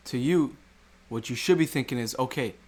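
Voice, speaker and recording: A man's voice: mid-range voice, normal speed, a little mellow. A man teaching trading over a chart walkthrough, asking rhetorical questions and repeating key points. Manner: rhetorical questions, repetitive explaining. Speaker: trading educator. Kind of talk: screen-recorded chart walkthrough.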